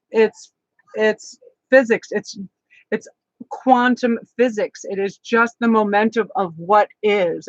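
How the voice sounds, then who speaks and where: A woman in her forties doing a live tarot reading from home, chatty and excitable, rambling and gushing at viewers as she goes. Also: mid-range voice, no echo. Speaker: tarot reader. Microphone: camera on a tripod. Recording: dry, slightly dull sound.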